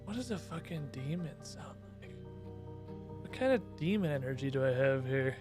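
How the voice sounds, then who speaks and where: A man's voice: medium pitch, sing-song, normal speed, music in the background. A man streaming a game live, thinking aloud in a brash, profane way. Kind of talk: live gameplay commentary.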